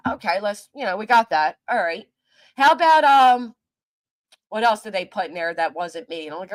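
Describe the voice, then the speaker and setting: A woman's voice: mid-range voice, lively intonation, moderate pace, pauses often. A woman live streaming, ranting angrily with heavy cursing and talking back to her chat. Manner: heated, profane, talks back to chat. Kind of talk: angry livestream rant.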